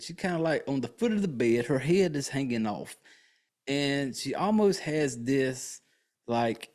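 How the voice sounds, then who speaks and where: A man's voice: mid-range voice, a little mellow. A man hosting a podcast, recapping a film in a casual, profane, joking way with lots of fillers. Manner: rambling, crude and joking, with many fillers. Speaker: podcast host.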